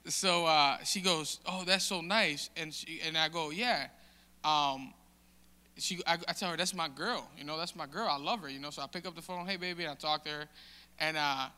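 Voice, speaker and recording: Man, halting church testimony, very bright crisp voice, reverberant hall. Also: on the high side. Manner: halting, many restarts and fillers. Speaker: church member sharing testimony. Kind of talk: casual testimony in a sermon.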